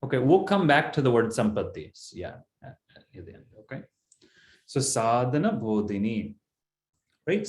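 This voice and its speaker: A man's voice: mid-range voice, a little mellow, echoey room. A man teaching a Sanskrit text in an online class, explaining step by step in a patient way.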